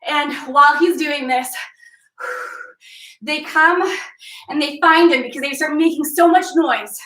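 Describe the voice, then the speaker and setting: A young woman leading a live workout class, telling a legend in a playful, energetic way while cueing moves. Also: high-pitched, slow, recorded from a distance. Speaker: fitness instructor. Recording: echoey room, voice off-mic.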